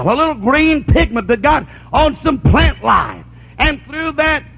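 A man preaching a sermon, slowing down to stress lines, sometimes shouting, and asking listeners for agreement. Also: extremely high pitch. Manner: preaching with rising shouts and slow emphatic lines; asks the congregation for agreement. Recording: dull lo-fi sermon recording.

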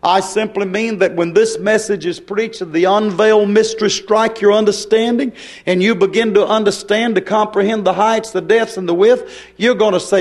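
A man's voice: high-pitched, fairly even intonation, normal speed. A man preaching a fervent sermon, firing rhetorical questions and rising into emphatic bursts.

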